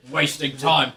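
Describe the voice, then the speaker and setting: A man's voice: fairly high pitch, creaky, fairly bright tone, echoey room, recorded from a distance. A man voicing an arrogant, impatient adventurer who brushes others off during a tabletop game. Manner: brusque, dismissive. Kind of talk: tabletop role-play.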